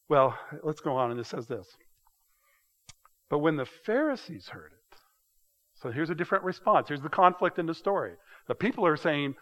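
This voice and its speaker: A man teaching a casual Bible study in a conversational, halting way, often restarting and repeating words. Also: fairly high pitch, expressive. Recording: dull sound with long hall reverb.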